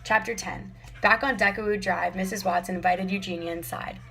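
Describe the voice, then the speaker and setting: A woman reads a children's chapter book aloud, clear and measured. Her voice has a gravelly, fry-tinged texture, and soft music sits behind her. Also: medium pitch, fairly even intonation, low-quality recording. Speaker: audiobook narrator. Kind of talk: scripted narration.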